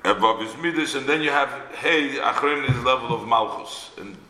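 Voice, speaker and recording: A man's voice: mid-range voice, normal speed, sharp tone. A man teaching a religious text line by line, reading each phrase in Hebrew and then explaining it in English, often restarting his sentences. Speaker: Torah teacher. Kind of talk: line-by-line text study lecture. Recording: roomy echo.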